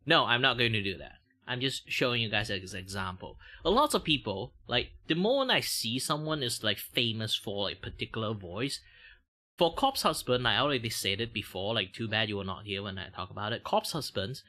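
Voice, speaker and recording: A man's voice: lowish voice, animated, brisk, bright, forceful tone. A man with a Malaysian accent, a VTuber chatting casually and loosely while he draws on stream, full of fillers and restarts. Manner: rambling, loose grammar, many fillers.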